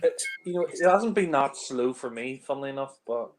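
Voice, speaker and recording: A man talks over a film in a loose, casual commentary, swearing freely and sounding exasperated. His pitch sits in an ordinary middle range, and he keeps breaking into laughter. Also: expressive, fairly quick, background noise. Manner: blunt and exasperated, laughs often.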